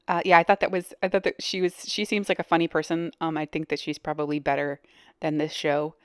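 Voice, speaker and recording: A woman's voice: deep voice, flat delivery, fairly quick, clear, resonant tone, dry recording, clean studio sound. A woman hosting a reaction video, giving blunt casual commentary with frequent hesitations. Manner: blunt, hesitant with many ums.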